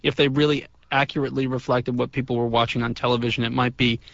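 A man guesting on a radio show, relaxed and chatty, quick to laugh. His voice is gravelly and mid-pitched. The sound is dry and dull. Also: no echo. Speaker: guest, sitcom actor. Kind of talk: casual interview chat.

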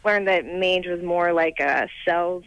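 A woman's voice: on the low side, slow, a bit bright, no echo, highs cut off. A woman calling into a radio show as an entomologist, explaining tentatively and informally. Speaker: caller, entomologist. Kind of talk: call-in explanation.

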